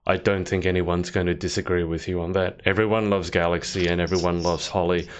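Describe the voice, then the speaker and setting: Deep-voiced man hosting a chat. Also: level tone, a little fast, slight background noise. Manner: friendly, chatty, a little hesitant. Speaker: interview host. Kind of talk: casual interview chat. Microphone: video call.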